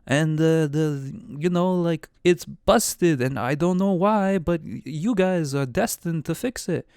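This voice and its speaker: Cloud giant, male, towering, laid-back, loud, rambling, put on by a man. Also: fairly high pitch, a little slow, smooth, dry recording, clean studio sound, pitched above the performer's own voice. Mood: breezy.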